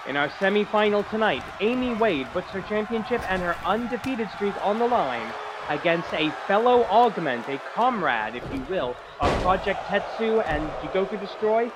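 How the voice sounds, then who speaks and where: Excitable guy calling wrestling play-by-play, high voice, crowd noise behind him. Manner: excitable, jokey asides. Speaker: wrestling commentator. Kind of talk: play-by-play commentary.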